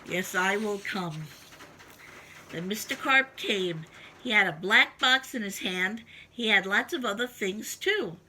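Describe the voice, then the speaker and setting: A woman reading a children's story aloud, with expressive, sing-song emphasis. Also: medium pitch, unhurried. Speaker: storybook reader.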